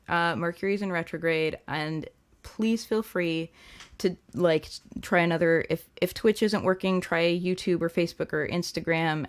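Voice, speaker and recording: A young woman hosting a live-stream tarot reading, talking gently and chattily with many fillers. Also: fairly low pitch, smooth. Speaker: tarot reader and livestream host.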